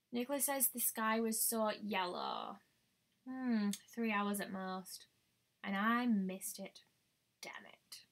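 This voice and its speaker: A woman's voice: fairly high pitch, sharp tone. A young woman chatting casually on a live stream as a beauty vlogger, thinking aloud and exclaiming often. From United Kingdom.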